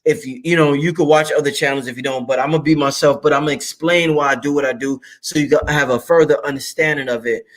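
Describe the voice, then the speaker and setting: A man's voice: a little high, quick pace, hardly any pauses. A man hosting his own channel, talking casually to his viewers in a freewheeling, emphatic and profane way. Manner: animated, shouts curse words for emphasis. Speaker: channel host. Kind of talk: casual monologue to camera.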